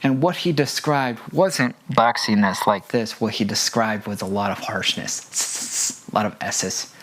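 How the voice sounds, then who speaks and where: A man's voice: fairly low pitch, measured pace, fairly bright tone. A man who works as a front of house audio engineer, giving an earnest instructional talk with personal stories and repeating his key points for emphasis.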